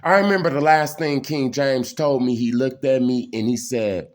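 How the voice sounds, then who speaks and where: A man tells personal stories casually, rambling and intense, repeating "man" over and over. His voice is medium-pitched, his speed normal, and he hardly pauses.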